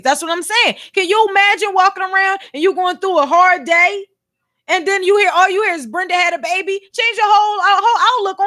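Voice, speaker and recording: Woman livestreamer, very high voice, animated slangy news commentary to her followers. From Philadelphia. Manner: excitable, animated, slangy, talks to viewers.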